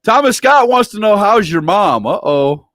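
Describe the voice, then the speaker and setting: A man hosting a casual livestream interview, teasing and joking as he reads out viewer comments. His voice is on the higher side and swings widely in pitch. The sound is dry and close. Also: very animated, moderate pace, fairly bright tone, no echo. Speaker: interview host.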